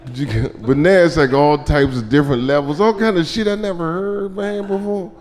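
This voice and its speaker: A man doing live stand-up comedy, telling loose, profane stories and shouting his punchlines. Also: fairly high pitch, brisk, a little hiss or hum. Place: comedy club stage. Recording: live club recording with crowd laughter. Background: audience laughter.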